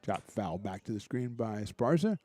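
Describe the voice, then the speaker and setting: A man doing relaxed, chatty play-by-play commentary for a college baseball game, with small asides and jokes between pitches. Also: moderate pace, no echo. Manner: relaxed, chatty, lightly joking between pitches, rising excitement on big plays. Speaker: play-by-play announcer.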